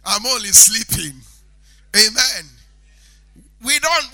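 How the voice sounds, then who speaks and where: A male preacher giving a sermon, chanting lines in sing-song and shouting at the peaks, acting out the people he quotes. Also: very high voice, expressive, slow pace. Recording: faint music behind the voice.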